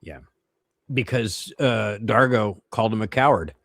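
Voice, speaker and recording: A man's voice: on the low side, measured pace, gravelly, fairly bright tone, no room sound. A tired man co-hosting a podcast, reflecting on things and tripping over his words. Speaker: podcast co-host. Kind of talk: casual chat.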